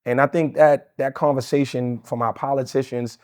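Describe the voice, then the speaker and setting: A man's voice: medium pitch, fairly even intonation, normal speed, a little mellow. A man, a union leader in a casual interview, blunt, profane and argumentative. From Queens, New York.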